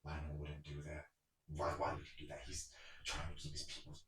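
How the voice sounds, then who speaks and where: A man playing a knight who brushes off suspicion in a quiet, flat voice. He sounds low and soft, in an echoing room. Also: a little fast, recorded from a distance. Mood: dismissive. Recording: roomy echo.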